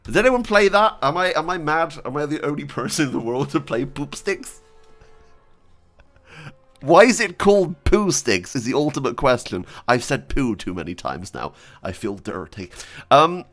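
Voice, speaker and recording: A young man chatting casually and excitedly as a streamer, joking and giggling between wishes. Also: a little high, moderate pace, faint music behind. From Britain. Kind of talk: casual gaming chat.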